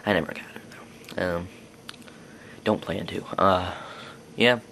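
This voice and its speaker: A man's voice: low voice, fairly even intonation, takes it slowly, vocal fry, noisy background. A young man telling personal stories to camera in a rambling, casual way. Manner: rambling, lots of fillers and restarts. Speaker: vlogger.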